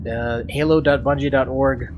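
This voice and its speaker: A man's voice: medium pitch, steady tone, normal speed, noisy background. A man hosting a game stream, chatting casually and rambling with lots of restarts. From United States. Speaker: stream host.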